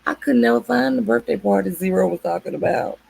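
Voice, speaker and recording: A woman's voice: mid-range voice, fast, vocal fry, a little mellow, slight background noise. A woman hosting a casual late-night livestream, chatting with viewers by name and laughing often. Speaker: livestream host.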